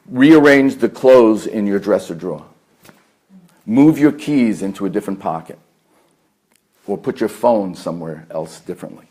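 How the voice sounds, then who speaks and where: A man with a New York accent, a therapist lecturing a meditation group, earnest and deliberate, stacking repeated phrases with fillers. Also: fairly low pitch, expressive, darkish tone. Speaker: therapist giving a talk. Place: meditation center hall.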